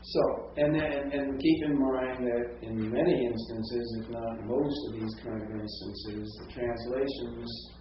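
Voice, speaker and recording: A man's voice: mid-range voice, steady tone, slow pace, few pauses, far from the mic, noisy background. A man teaching a seminary class, talking conversationally and often checking in with "right?" and "see?". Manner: conversational, with frequent tag questions. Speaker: seminary professor. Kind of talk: classroom lecture with discussion. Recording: echoey lo-fi classroom recording from afar.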